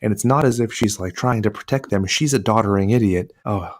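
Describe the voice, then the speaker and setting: Low-voiced sardonic man. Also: fairly quick. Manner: sardonic, swears freely, mimics quotes. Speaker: podcast guest. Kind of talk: casual chat.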